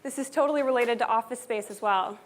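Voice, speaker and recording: A woman's voice: fairly high pitch, fast talker. A woman giving a conference keynote to a live audience, talking in an upbeat, earnest and conversational way. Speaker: conference speaker.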